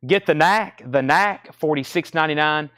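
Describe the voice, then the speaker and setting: A man's voice: fairly high pitch, fairly bright tone, clear, resonant tone, no room sound. Breathless man running a live record sale. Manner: brisk, matter-of-fact auctioneer patter. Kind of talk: live sales stream, rattling off prices.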